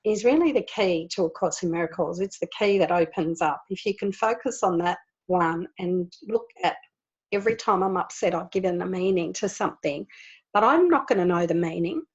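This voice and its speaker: Woman giving an animated spiritual talk. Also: fairly low pitch, brisk, husky, dull audio. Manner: earnest and animated, laughs often. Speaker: spiritual group leader. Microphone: video call.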